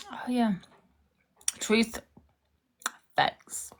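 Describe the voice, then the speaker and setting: A woman's voice: fairly high pitch, level tone, very slow. A young woman in a heated, confrontational social media rant, repeating herself for emphasis.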